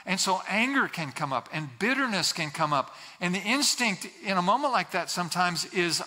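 A man's voice: high voice, very animated, a little fast, hardly any pauses, sharp tone. A man preaching a sermon as a pastor, earnest and repeating key phrases for emphasis, sometimes acting out quoted voices. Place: church sanctuary. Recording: long hall reverb.

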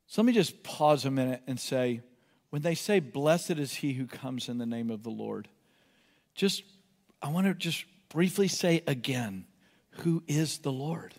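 A man preaching a sermon with passion, rising to shouted cries and then dropping to quiet asides. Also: mid-range voice, lively intonation, unhurried, long reverb tail. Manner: impassioned, builds to shouted cries, self-correcting asides. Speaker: pastor.

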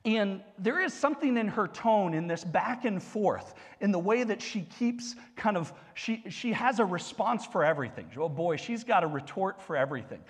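A male pastor giving a sermon in a conversational, animated style with humorous asides. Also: high-pitched, normal speed, hardly any pauses, husky, big-room sound.

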